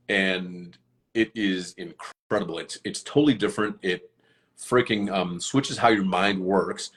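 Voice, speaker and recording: A man's voice: low-pitched, measured pace, a bit bright. A man chatting casually on a live stream, earnest and rambling, with many fillers and restarts. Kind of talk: casual chat.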